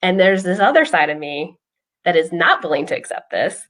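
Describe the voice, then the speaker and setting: With a fairly low but bright-toned voice that swings widely in pitch and runs a little fast, a woman speaking as a behavioral health clinician chats casually. She tells a personal story in an explanatory way, saying "um" often.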